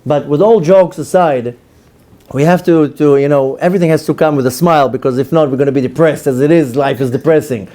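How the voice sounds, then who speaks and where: A middle-aged rabbi lectures in a mellow, somewhat high voice, telling stories and acting out the quotes. He mixes jokes into his teaching and talks with a lively, casual manner. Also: fairly quick. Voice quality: storytelling with acted-out quotes, joking.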